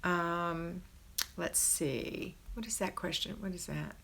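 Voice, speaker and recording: A woman's voice: fairly low pitch, fairly even intonation, takes it slowly, gravelly, slight background noise. A middle-aged woman hosting a homemaking live stream from a house, reading viewer comments and cheering them on. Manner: warm, encouraging, cheerleading. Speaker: host of a homemaking livestream. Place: her parents' house, indoors.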